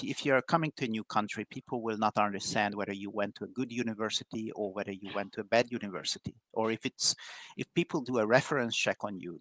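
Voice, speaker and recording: A man's voice: fairly low pitch, fairly bright tone, dry recording, low-quality recording. A man from Hungary, a guest in a live interview, speaking candidly with frequent restarts. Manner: repetitive restarts, chatty and candid. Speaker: guest, IT professional.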